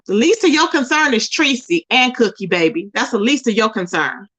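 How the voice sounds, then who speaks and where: High-voiced woman scolding hard. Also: lively intonation, normal speed, fairly bright tone, breathy edge. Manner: scolding, confrontational, keeps repeating the target's name. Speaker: commentary channel host. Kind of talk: ranting live commentary. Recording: dull lo-fi recording.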